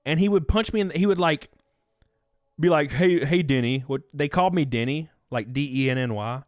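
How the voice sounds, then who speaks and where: A man's voice: a little high, brisk, no room sound, clean studio sound. A man in his thirties hosting a livestream, telling rambling, profane stories to his chat in a casual way. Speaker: livestream host. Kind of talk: casual storytelling to a live chat.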